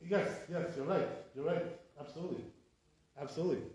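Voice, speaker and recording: A rabbi with a fairly high pitch talks fast through an informal classroom lecture before a live audience, frequently asking "right?" as he demonstrates wrong versus right pronunciations. Background noise can be heard, and his voice is captured from afar in an echoey space.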